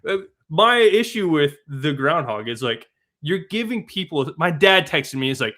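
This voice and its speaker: A young man co-hosting a casual sports betting podcast, opinionated and emphatic, breaking into fast rants. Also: a little high, sing-song, bright, forceful tone. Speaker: co-host analyst.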